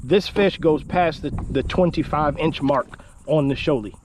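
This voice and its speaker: A man vlogging from a kayak outdoors, exclaiming and rambling with excitement, his voice going hoarse. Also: a little high, moderate pace. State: losing his voice. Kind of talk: excited outdoor fishing vlog. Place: on a kayak outdoors on the water in wind. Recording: noisy outdoor recording with wind and water.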